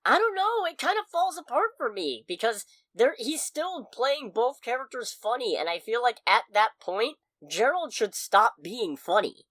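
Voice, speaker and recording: A woman co-hosting a podcast, reviewing a movie in casual chat, expressive and swearing freely. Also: fairly high pitch, moderate pace, few pauses, no room sound. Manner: expressive, swears freely, loud outbursts of frustration. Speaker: podcast co-host.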